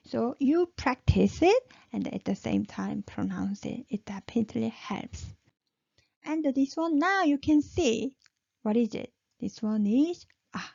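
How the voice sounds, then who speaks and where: A woman's voice: on the high side, creaky, darkish tone, no echo. A woman teaching a language lesson, who repeats each syllable patiently and keeps checking in with "okay?". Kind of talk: slow spoken lesson with repeated drills. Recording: dull, muffled lo-fi sound.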